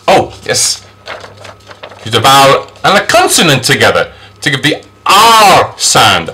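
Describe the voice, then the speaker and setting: Slow, lively male phonics teacher. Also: medium pitch. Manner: slow, exaggerated sound demonstrations; patient, reassuring. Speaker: English teacher. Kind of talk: phonics lesson.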